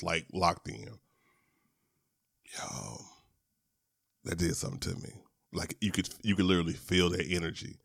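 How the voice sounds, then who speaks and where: A man's voice: sits low, vocal fry, fairly bright tone, dry recording, clean studio sound. A man hosting a podcast, telling a personal story in a chatty way, restarting his words and talking to listeners as y'all. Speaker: podcast host. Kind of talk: casual storytelling monologue. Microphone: podcast microphone.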